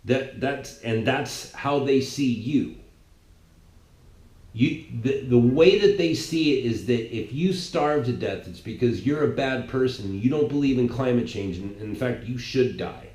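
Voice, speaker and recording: A man holds forth in a heated, rambling political rant, stumbling over and repeating his words as he pushes his point. His voice sits at an ordinary middle pitch. The room around him rings back with noticeable echo. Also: unhurried, darkish tone. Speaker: political commentator. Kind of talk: ranting monologue.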